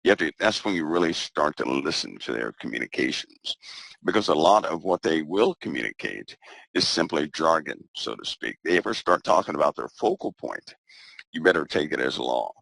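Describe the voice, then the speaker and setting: Very deep gravelly-voiced man. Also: big pitch swings, fairly bright tone, no room sound. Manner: measured, repeats phrases for emphasis. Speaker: guest. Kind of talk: casual conversation.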